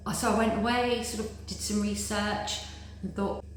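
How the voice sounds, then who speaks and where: A woman's voice: mid-range voice, fairly even intonation, normal speed. Woman, echoey chatty testimonial. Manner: earnest, chatty, full of repeats like "very, very". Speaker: patient giving a testimonial. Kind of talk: casual interview testimonial. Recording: very echoey room with faint noise.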